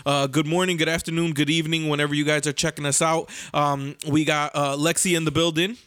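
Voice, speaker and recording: A young man with a high, sharp voice hosts a casual podcast, recorded dry and close with no room sound. He tells loose, profane stories, rolling through slang and laughter. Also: flat delivery, fast, clear, resonant tone, no echo. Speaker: podcast host.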